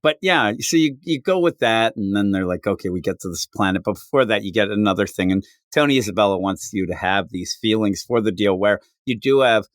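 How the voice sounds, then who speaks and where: Animated man recapping a comic. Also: fairly low pitch, dry recording, studio quality. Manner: animated, acts out characters' lines in quick put-on voices. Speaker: podcast co-host. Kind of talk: casual comic book chat.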